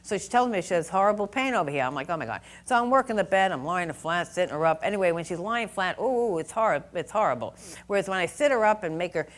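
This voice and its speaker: A woman's voice: on the low side, animated, quick pace. Chatty middle-aged woman lecturing. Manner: chatty, folksy storyteller, acts out dialogue. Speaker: nursing exam review instructor. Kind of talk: lecture with personal anecdotes.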